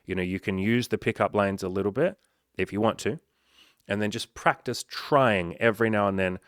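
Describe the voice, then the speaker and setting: A man's voice: fairly low pitch, moderate pace, a bit bright, dry recording, clean studio sound. A man talking as a dating coach in a casual, blunt monologue full of swearing. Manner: blunt and profane, conversational.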